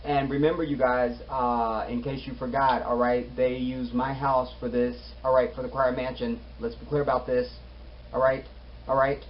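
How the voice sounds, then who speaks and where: A man giving a casual, animated recap of a TV episode, chatting with his viewers. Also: mid-range voice, moderate pace. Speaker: TV show reviewer. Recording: slightly muffled, faint hiss.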